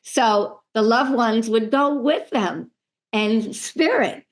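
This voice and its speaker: Animated middle-aged woman telling stories. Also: on the high side, slow. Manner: animated, acts out voices in her stories. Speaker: medium and spiritual healer, guest. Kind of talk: storytelling in a podcast interview.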